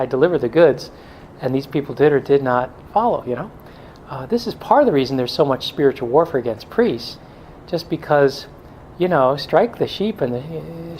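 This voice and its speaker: A man's voice: on the high side, a little mellow, slight background noise, poor audio. A middle-aged male pastor giving a blunt, joking talk to a men's group, now and then mimicking excuses in a whiny voice.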